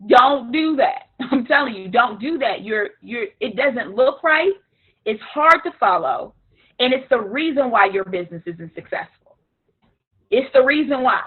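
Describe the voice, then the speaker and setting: Woman coach, frank and animated, husky higher voice, phone-like sound. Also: moderate pace. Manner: animated, frank, imitates others playfully. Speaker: business coach. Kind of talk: live coaching session. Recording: tinny phone-like line.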